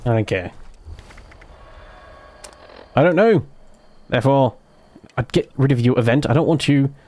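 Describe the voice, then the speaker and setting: Chatting with his viewers while commentating live gameplay, this Australian streamer rambles, jokes at his own expense, swears casually and fills his speech with fillers. He speaks a little slowly in a medium-pitched, slightly mellow voice.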